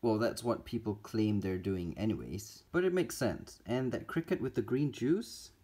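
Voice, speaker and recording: A man's voice: lowish voice, animated, normal speed, warm tone, husky. A man narrating a casual pet-keeping vlog, chatty and teasing his spiders as he feeds them. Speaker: reptile and spider keeper vlogger.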